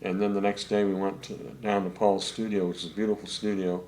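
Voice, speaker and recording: An older man, a session saxophonist, telling rambling anecdotes in a relaxed interview, full of fillers. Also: fairly low pitch, brisk. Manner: rambling anecdotes with many fillers, acts out quotes.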